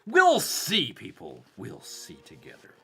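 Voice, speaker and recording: A man's voice: mid-range voice, wildly swooping pitch, takes it slowly, creaky, bright, forceful tone, slightly rough. A man with a Southern accent hosting a casual live stream, rambling, reading viewer chats and calling himself by a nickname in third person. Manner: reads out viewer chat messages.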